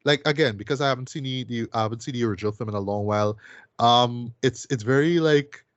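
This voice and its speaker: A man's voice: medium pitch, fast, no room sound. A man co-hosting a podcast, chatting casually and enthusiastically about a film with lots of fillers and tag questions. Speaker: podcast co-host reviewing a film. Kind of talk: casual film review chat.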